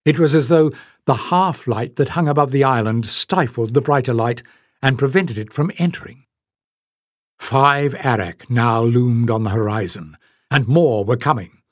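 A man reads a fantasy audiobook in a steady, measured style. His voice sits in a middle range and the recording is close and dry. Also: medium pitch, dry recording. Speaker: audiobook narrator. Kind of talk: scripted narration.

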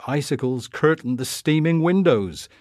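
A man reads a memoir aloud, his fairly high voice ranging widely as he lingers over the images. The recording is dry and close. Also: animated, moderate pace, dry recording. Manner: warm, evocative reading of a memoir. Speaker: reader. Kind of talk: literary reading.

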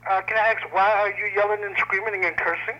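A man's voice: sits high, fairly even intonation, brisk. A man from the Bronx on a phone call, polite and patient, giving short answers. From the Bronx, New York. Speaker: prank call victim. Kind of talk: phone conversation. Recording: tinny phone line.

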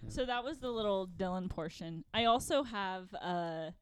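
A woman's voice: mid-range voice, expressive, moderate pace, slight background noise. A woman co-hosting a casual podcast, reading her notes aloud between laughs. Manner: reads prepared bits aloud with frequent laughs. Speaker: podcast co-host.

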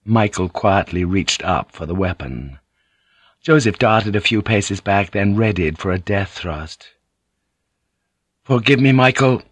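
A man reading an audiobook in a measured, even narration. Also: deep voice, breathy edge, dry recording. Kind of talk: scripted narration.

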